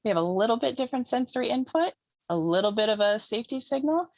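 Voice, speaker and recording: A woman giving a calm, instructive talk about healing trauma as a guest speaker, often repeating phrases for emphasis. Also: fairly high pitch, quick pace, no room sound. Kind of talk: teaching talk in an interview.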